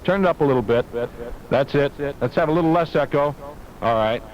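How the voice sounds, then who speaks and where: A man's voice: on the high side, fairly quick. A man working as a radio disc jockey, rambling and wisecracking at the engineer on a 1970s aircheck. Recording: dull 1970s radio aircheck with faint hiss.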